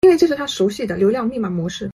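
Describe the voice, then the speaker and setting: A woman giving analytical commentary in a brisk, knowing, critical way. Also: fairly high pitch, sing-song, a little mellow, slightly rough. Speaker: online commentator.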